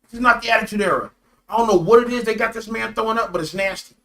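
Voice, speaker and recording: A man co-hosting a casual wrestling review chat, animated and joking, slangy and full of repeated phrases. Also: sits high, quick pace, gravelly. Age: adult. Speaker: co-host of a wrestling review show.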